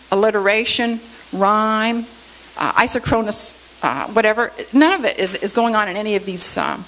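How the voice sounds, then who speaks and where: A woman's voice: medium pitch, a bit bright, poor audio. A woman giving a Bible lesson in a church, explaining points step by step and often checking in with "okay?". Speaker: Bible teacher.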